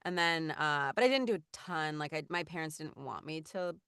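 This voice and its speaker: A woman's voice: low-pitched, animated, moderate pace, fairly bright tone, clean tone, dry recording, studio quality. A woman in her thirties, a voice actor, chatting casually in an interview with many fillers and restarts. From Los Angeles. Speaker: voice actor guest.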